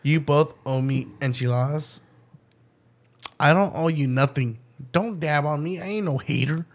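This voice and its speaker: A man's voice: fairly high pitch, measured pace. A man hosting a casual podcast, telling a story with lots of swearing and laughter and acting out the voices of the people in it. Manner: profane, laughing, acts out quoted voices. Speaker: podcast host.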